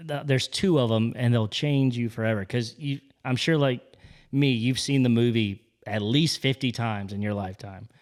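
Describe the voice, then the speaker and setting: Chatty man telling animated stories. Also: mid-range voice, normal speed. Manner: animated storyteller who acts out quoted movie lines. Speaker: podcast co-host. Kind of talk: casual podcast chat.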